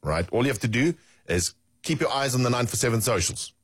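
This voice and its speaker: A man co-hosting a radio show, relaxed and laughing along, reading out competition details. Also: medium pitch, brisk, breathy edge, dry recording, studio quality. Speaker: radio co-host. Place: radio studio.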